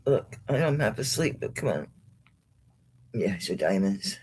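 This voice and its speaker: A woman's voice: rumbling low, very animated, moderate pace, heavy background noise. A drowsy, yawning woman selling jewelry on a live stream at home, chatting casually and greeting viewers by name. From United States. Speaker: jewelry livestream seller. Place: home, indoors.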